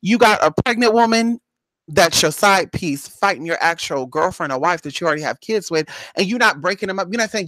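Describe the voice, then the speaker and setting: Gossiping on her vlog, this spiritual reader animatedly recounts a neighborhood tale, imitating others' voices and repeatedly addressing the viewer as "girl" and "honey." She has a lowish, fairly bright voice and talks fairly quickly, in a dry recording.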